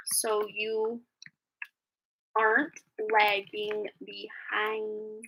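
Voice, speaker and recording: A woman's voice: on the high side, measured pace, sharp tone, a little hiss or hum. A woman reading tarot on a live stream, chatting casually in a rambling way with frequent laughs, a little phlegmy after being sick.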